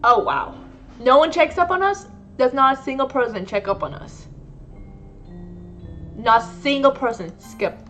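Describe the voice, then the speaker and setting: A woman's voice: high voice, animated, moderate pace, long pauses, a bit bright, faint music behind. Giggly, swearing woman gaming on camera. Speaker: gaming video creator. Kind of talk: let's play commentary.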